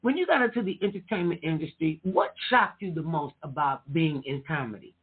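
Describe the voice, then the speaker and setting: A middle-aged woman hosting a talk show in casual chat, an animated storyteller who acts out the voices she quotes. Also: deep voice, fairly quick, breathy edge. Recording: tinny phone-like line.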